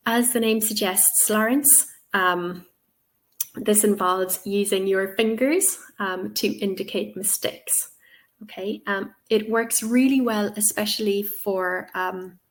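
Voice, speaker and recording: A woman's voice: mid-range voice, a bit bright. A woman teacher answering questions in a live webinar, chatty and encouraging, with many ums and okays, on a webcam. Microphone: webcam on video call.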